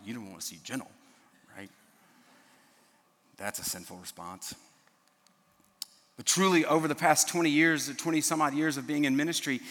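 Middle-aged pastor preaching in a reverberant hall. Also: male voice, medium pitch, bright, forceful tone. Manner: earnest, repeats and restarts words. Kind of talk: sermon.

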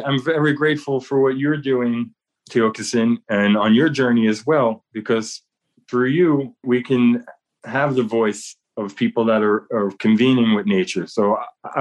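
A man talking earnestly as an interview guest, often repeating words as he speaks. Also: mid-range voice. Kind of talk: casual interview talk.

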